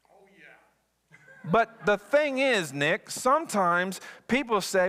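Guest pastor, male, bright voice, very lively delivery. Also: sits high, slow, long pauses. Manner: animated, playful preaching. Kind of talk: sermon.

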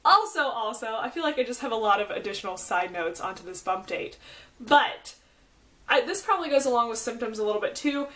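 A woman's voice: a little high, lively intonation, a little fast, fairly bright tone. A young woman with a Southern American accent vlogging casually, rambling through her week with lots of fillers and side notes. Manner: chatty, rambling, with many fillers and asides. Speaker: pregnancy vlogger. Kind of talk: casual chat.

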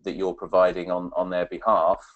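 A man's voice: low-pitched, level tone, moderate pace, muffled recording. A man presenting a webinar on data protection, talking with many ums and restarts as he answers audience questions.

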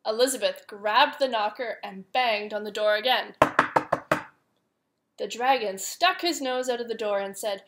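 A woman reading a picture book aloud to young children, with gentle, chatty asides to her listeners. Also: fairly high pitch, unhurried, slight background noise. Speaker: preschool teacher.

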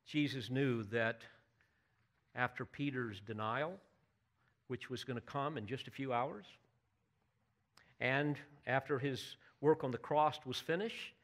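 A man's voice: mid-range voice, fairly bright tone. A man preaching a sermon, earnest and emphatic, building to bursts of intensity and putting direct questions to his listeners. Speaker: pastor.

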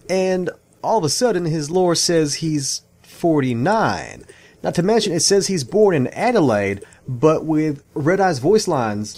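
A man's voice: on the high side, darkish tone. An Australian man in his thirties, chatting casually and rambling through video game lore as a gaming YouTuber, often saying "y'all". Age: 30s.

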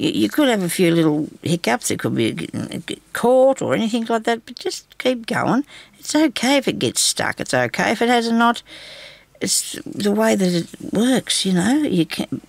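Woman crafter, gravelly, chatty and reassuring, muttering as she works. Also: medium pitch, no echo. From Australia. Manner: chatty, reassuring, talks to herself while working. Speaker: craft tutorial host. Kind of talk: casual craft tutorial talk.

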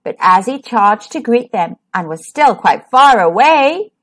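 A woman reading a rhyming children's picture book aloud, expressive and sing-song. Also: fairly high pitch, a little slow, hardly any pauses. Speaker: children's storyteller.

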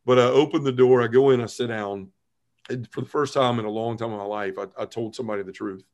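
Man in his 40s, podcast guest, middle pitch, earnest animated storyteller. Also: quick pace. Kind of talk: telling his conversion story.

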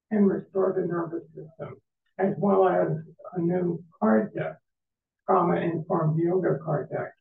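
Gravelly man introducing speakers. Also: sits high, slight background noise. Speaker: event host. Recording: echoey hall, far mic, tinny.

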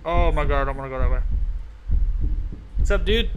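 A man's voice: on the high side, fairly quick, background noise. A young man commenting nervously on a horror game, muttering and repeating nope again and again. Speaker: gaming YouTuber.

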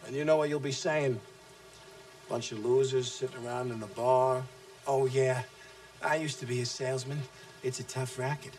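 A man's voice: fairly even intonation, moderate pace, a little hiss or hum, lightly acted. A man playing a brash abusive sales boss. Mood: contemptuous. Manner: aggressive, taunting, swings between shouting and low menace. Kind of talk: film acting.

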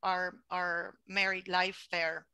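Bright-voiced woman. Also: on the low side, slow, clear, resonant tone, no room sound, rough recording. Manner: animated, acts out dialogue with many restarts. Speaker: guest. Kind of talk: storytelling in an interview.

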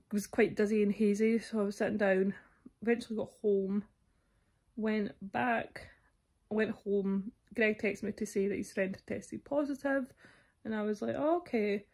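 A woman's voice: mid-range voice, fairly even intonation, moderate pace, mellow. Chatty young Scottish woman, unwell. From Scotland. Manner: chatty, rambling, candid, with many fillers. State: ill, sore throat and cough. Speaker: vlogger. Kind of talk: casual vlog chat to camera.

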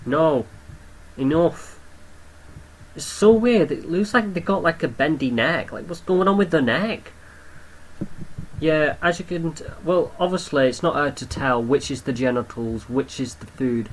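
Excitable, swearing young man. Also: mid-range voice, slight background noise, low-quality recording. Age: young adult. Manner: excitable, swears a lot, talks to the creatures. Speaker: gamer commentator. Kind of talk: casual game commentary.

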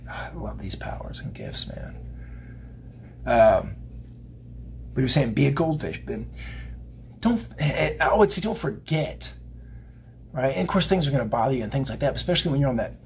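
A man of middle pitch reads tarot cards in a relaxed, rambling way. He wanders from thought to thought and speaks right to the people watching. A faint background noise runs under his voice. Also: brisk, creaky. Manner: rambling, chatty, addresses viewers directly. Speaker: tarot card reader. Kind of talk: casual spiritual tarot reading to camera.

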